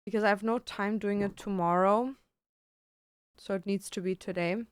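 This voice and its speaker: A woman's voice: mid-range voice, fairly even intonation, normal speed, smooth, no room sound, studio quality. A young woman streamer chatting casually while she works, with melodramatic, self-pitying complaints. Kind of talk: casual livestream chat while working.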